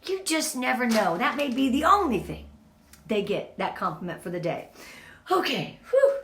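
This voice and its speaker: A woman's voice: on the high side, big pitch swings, moderate pace, fairly bright tone, echoey room, slight background noise. A middle-aged woman leading a casual motivational talk for her team, earnest and openly emotional, speaking straight to the group.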